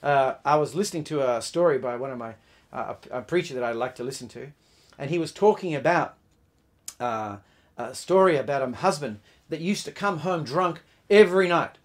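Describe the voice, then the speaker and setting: A man's voice: medium pitch, animated, normal speed. A man preaching a sermon, emphatic, often restarting words and putting questions to his listeners.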